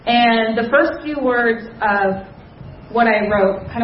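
Young woman sharing her testimony at church, talks slow and earnest, kinda dull roomy sound. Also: fairly high pitch, far from the mic, slight background noise. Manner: earnest and confiding, with soft fillers. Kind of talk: personal testimony talk. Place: church gathering room.

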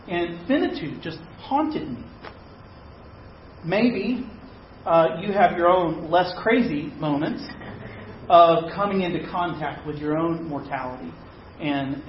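A man's voice: a little high, a little hiss or hum. A man preaching, telling a personal story in a conversational, self-deprecating way. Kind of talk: sermon storytelling. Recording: echoey, dull-sounding room recording.

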